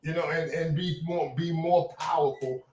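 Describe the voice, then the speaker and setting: A man's voice: on the high side, moderate pace. Older man telling rambling stories. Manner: rambling, animated anecdotes with profanity. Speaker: host. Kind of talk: casual storytelling chat. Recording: echoey room.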